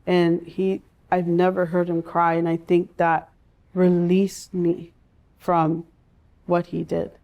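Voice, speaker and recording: A woman in her forties telling her personal story in an interview, speaking earnestly and from the heart, with pauses and restarts. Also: lowish voice, completely flat delivery, highs cut off. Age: 40s. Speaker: guest sharing her life story.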